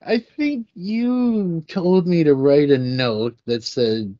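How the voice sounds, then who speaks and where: A man's voice: a little high, slow pace, few pauses, mellow, dry recording, muffled recording. A man co-hosting a podcast, trading sarcastic, profane banter in casual chat. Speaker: podcast co-host.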